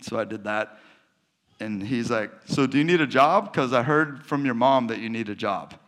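A man's voice: mid-range voice, moderate pace. A middle-aged man giving a sermon, telling personal stories and acting out the dialogue in them. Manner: animated storyteller acting out dialogue. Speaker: pastor.

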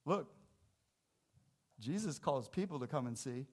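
A man preaching a sermon in a church, casual and jokey, with sudden loud, emphatic bursts. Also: mid-range voice, animated, unhurried. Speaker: pastor. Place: church sanctuary.

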